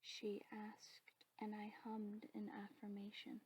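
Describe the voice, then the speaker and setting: A woman narrating her own story in a soft, steady whispered role-play. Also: mid-range voice, slow, slight background noise, rough recording.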